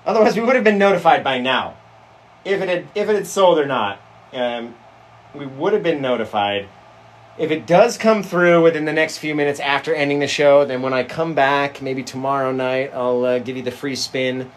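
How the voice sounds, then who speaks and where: A man's voice: mid-range voice, normal speed, slight background noise. A man hosting a painting livestream, chatting casually and rambling, often trailing off into mumbles.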